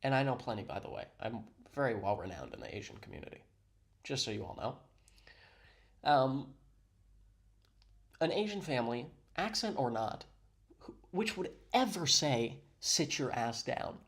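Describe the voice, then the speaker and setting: A man's voice: medium pitch, big pitch swings, normal speed, long pauses. A man giving sarcastic, mock-serious commentary on a video he is playing. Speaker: reaction commentator.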